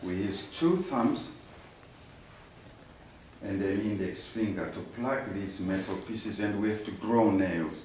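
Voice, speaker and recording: A man, a Shona speaker, teaches a music workshop at an unhurried, deliberate pace, patiently demonstrating and having the group repeat after him. His voice is picked up from a distance in a very echoey room, with a faint hiss behind it. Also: fairly low pitch, darkish tone. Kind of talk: teaching a workshop with call-and-response.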